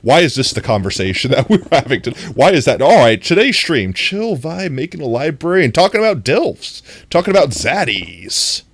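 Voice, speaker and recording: A man's voice: on the high side, sing-song, normal speed, creaky, few pauses, husky. A man streaming a game, chatting casually and playfully with his viewers and laughing often. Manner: playful, giggly, talks to chat.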